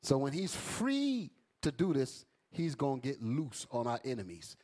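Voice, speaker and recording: A man's voice: medium pitch, very animated, measured pace, a little mellow. A man teaching a Bible class in an emphatic preaching style, calling out to his listeners. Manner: emphatic, calls out to the audience.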